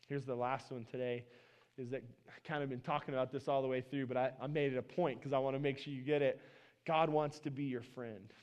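A man's voice: mid-range voice, fairly even intonation, a little fast, a little mellow, smooth. A male pastor preaching a conversational sermon in a church, often restarting and repeating words, speaking into a worn mic. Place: church sanctuary. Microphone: worn microphone.

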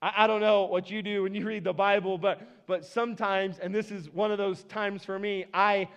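High-voiced pastor preaching casually. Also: male voice, normal speed, smooth, highs cut off. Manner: conversational, animated, dramatizes scripture dialogue with playful asides. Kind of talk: sermon.

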